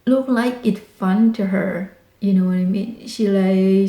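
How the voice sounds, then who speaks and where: A woman with tells a family story as a vlog, excited and animated, piling on dramatic exclamations. Her voice sounds warm and mellow. It echoes in a roomy space. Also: medium pitch, measured pace, hardly any pauses. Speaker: vlogger. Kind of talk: casual storytelling. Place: home in rural Texas.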